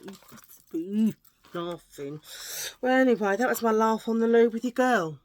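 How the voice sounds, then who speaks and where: A middle-aged woman chatting casually to camera as a vlogger, playful and prone to hushed asides. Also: on the high side, expressive, measured pace, pauses often.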